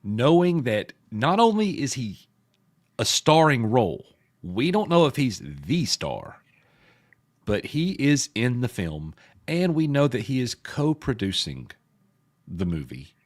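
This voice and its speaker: A man co-hosting a casual pop culture live stream, joking with chat, his voice a bit gruff and hoarse. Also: mid-range voice, very animated, takes it slowly. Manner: joking, addresses chat viewers by name. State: sounds slightly sick.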